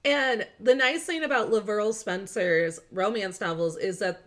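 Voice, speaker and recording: A woman's voice: medium pitch, moderate pace. A young adult woman hosting a podcast, chatting casually and telling stories with lots of laughter and acted-out quotes. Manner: animated storyteller, acts out quotes, laughs often. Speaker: podcast host. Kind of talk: casual chat.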